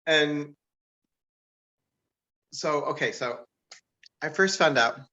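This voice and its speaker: A man doing stand-up comedy who laughs at his own jokes and rambles with lots of fillers, jumping way up in pitch when he quotes people. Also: drawn-out words, pushed and bright, lo-fi sound. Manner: jumps to a much higher pitch to act out quoted people. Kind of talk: live-streamed stand-up comedy.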